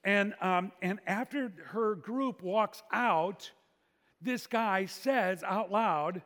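A man preaching as pastor, telling stories with frequent restarts and hushed dramatic drops. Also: sits high, slow pace, in a large hall. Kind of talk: sermon.

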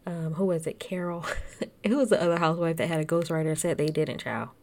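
A woman's voice: deep voice, a little fast, a little mellow, a little hiss or hum. A woman recapping a reality TV episode in a casual, chatty and sarcastic way, laughing often.

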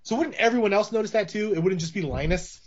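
Guy rambling about a movie, kinda high voice, muffled lo-fi sound. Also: quick pace. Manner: rambling, many restarts and fillers. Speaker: podcast co-host. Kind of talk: casual movie discussion. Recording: dull lo-fi audio.

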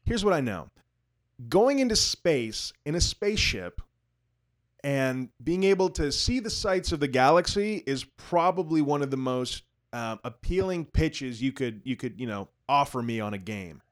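A man's voice: mid-range voice, sing-song, moderate pace. Guy on a gaming podcast, rambly and easygoing, laughs a lot, plain mid voice. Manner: rambling, self-deprecating, laughs often. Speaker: podcast co-host. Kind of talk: casual gaming podcast chat.

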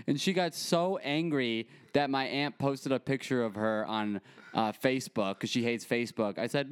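A man's voice: medium pitch, moderate pace, smooth. A young man co-hosting a podcast, telling stories in a casual comedic chat and laughing often. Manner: animated, laughing storyteller. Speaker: podcast co-host.

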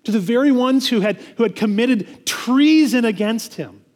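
A man's voice: very high voice, animated, normal speed, darkish tone, long reverb tail. A man preaching a sermon as pastor, earnest, often repeating words and restarting phrases.

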